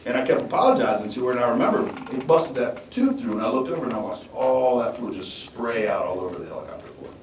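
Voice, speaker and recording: Male motivational speaker, animated storytelling, distant mic, roomy hall, dull sound. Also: mid-range voice, slight background noise. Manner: animated, acts out voices. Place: university lecture hall.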